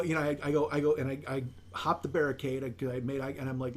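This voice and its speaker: A man telling anecdotes in a loose, casual chat, jumping into other people's voices as he goes. His pitch sits in the middle for a man, and a faint hiss runs under the recording. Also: quick pace, few pauses. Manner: animated storyteller, acts out quotes, swears freely. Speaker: guest.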